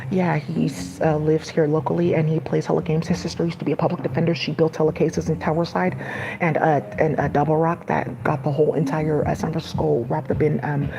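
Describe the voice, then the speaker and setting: A woman's voice: low voice, level tone, brisk, creaky. A woman vlogger in a casual, meandering monologue, full of fillers and sudden asides. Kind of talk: casual rambling monologue to camera. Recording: noisy background ambience.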